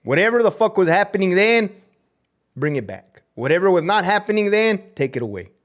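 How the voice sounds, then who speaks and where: A man ranting on his live stream, cursing hard and swinging between loud outbursts and low muttering. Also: sing-song, brisk. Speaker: livestreamer and prison officer. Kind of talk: profane live-stream rant.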